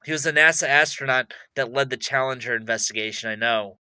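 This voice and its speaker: Excitable bright-voiced man rambling boastfully. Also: medium pitch, a little fast, clear, resonant tone. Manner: excitable, boastful, swings loud and soft. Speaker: vlogger. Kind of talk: rambling monologue to camera.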